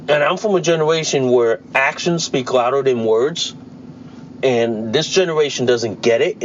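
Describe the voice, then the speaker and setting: A man's voice: mid-range voice, highs cut off, slight background noise. A man in his forties hosting a solo podcast, ranting bluntly and repeating himself emphatically, with occasional swearing. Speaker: podcast host. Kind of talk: solo opinion monologue.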